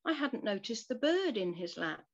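A woman reading a devotional story and prayer aloud in a soft, measured, reflective way. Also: on the high side, sing-song. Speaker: devotional reader. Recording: dull lo-fi recording.

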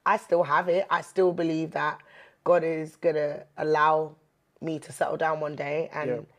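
A woman with a low-pitched voice talks openly in an interview, earnest and reflective. She leans on her faith as she speaks, and gets animated when she jokes. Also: measured pace. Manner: earnest, animated when joking, many fillers. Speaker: interview guest. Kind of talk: candid faith-based chat.

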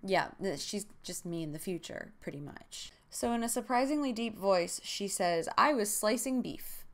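A woman's voice: medium pitch, animated, normal speed. A young woman hosting a comedic book-recap show, retelling the story with sarcastic jokes and asides. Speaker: podcast host.

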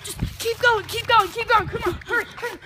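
A woman acting in an amateur horror skit in a backyard at night, panicky, switching between shouting and whispering. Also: very high voice, steady tone, fairly quick. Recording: noisy outdoor home recording.

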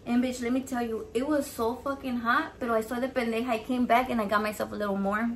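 A woman's voice: on the high side, fast, slight background noise. A woman chatting casually while she cooks, cursing freely and dropping Spanish words into her English. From Mexican heritage. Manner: profane, animated, switches into Spanish words. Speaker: home cook vlogger. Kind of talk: casual chat while cooking.

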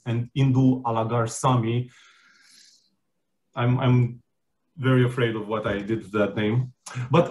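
A man hosting a conference session over a video call, introducing a speaker with many fillers and restarts. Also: medium pitch. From Romania. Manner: hesitant, many fillers and restarts, laughs easily. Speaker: conference host.

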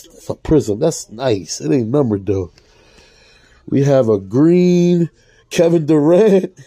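A man casually reading out trading cards as he opens packs, talking to his viewers in a relaxed, slangy way. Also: mid-range voice. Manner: reads out card names, casual slangy asides to viewers. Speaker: card-opening vlogger. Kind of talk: casual pack-opening commentary.

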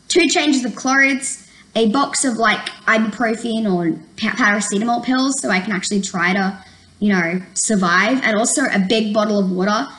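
Chatty young woman, bright voice. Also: mid-range voice, moderate pace, roomy sound, poor audio. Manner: chatty, lots of "like" fillers. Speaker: vlogger. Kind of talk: casual chat.

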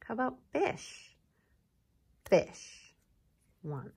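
A woman teacher giving a slow, encouraging recorded lesson to young children, prompting them to repeat words. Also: lowish voice, lively intonation, vocal fry, slightly rough.

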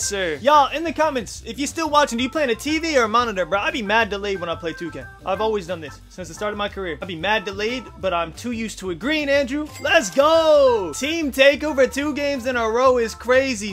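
Speaking briskly in a high, somewhat bright voice, this young YouTuber commentates live on his gameplay while soft music plays behind him. At his home gaming setup before a TV, he's hyped and full of slang, trash talking opponents to teammates and viewers.

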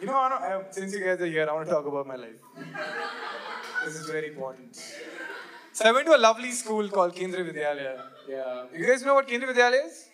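A young man from India performing stand-up comedy, animated and jokey, acting out quick bits of dialogue. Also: high voice, crowd noise. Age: 20s. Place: live comedy venue with audience.

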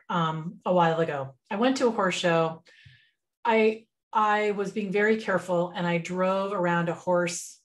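Woman business mentor, webinar, relaxed chatty delivery, plain computer mic. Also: medium pitch. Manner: relaxed, chatty, frequent fillers and restarts. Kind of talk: conversational webinar presentation.

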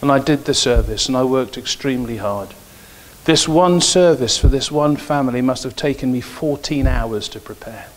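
Speaking at a moderate pace in a mid-range voice, this middle-aged pastor delivers a church sermon. He tells personal stories, then builds into emphatic, rising exhortation.

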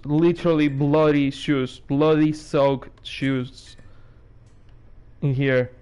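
A man's voice: a little high, steady tone, takes it slowly, a little mellow, clear, resonant tone. Jumpy sarcastic man playing a horror game. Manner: jumpy, sarcastic, swearing, nervous laughs. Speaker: gaming streamer. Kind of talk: let's play commentary.

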